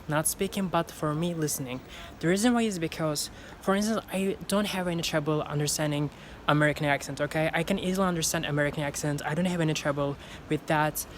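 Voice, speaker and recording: A woman with a low voice talks through a casual vlog as an English learner. She leans on fillers and restarts as she goes, and there is faint noise behind her. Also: fast talker. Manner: repeats film lines aloud to practice, many fillers.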